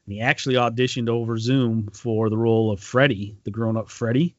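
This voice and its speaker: A man in casual podcast chat, his voice at an ordinary middle pitch. He rambles through a story, stopping and restarting with plenty of ums. The sound is dry and a little dull. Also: fairly even intonation, fairly quick, no room sound. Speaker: podcast co-host.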